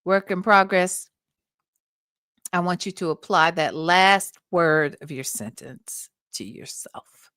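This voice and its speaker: A woman's voice: on the low side, animated, takes it slowly, bright, forceful tone, no room sound, studio quality. Blunt, outspoken woman livestream host. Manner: blunt, profane, talks back to the audio. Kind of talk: casual commentary on played recordings.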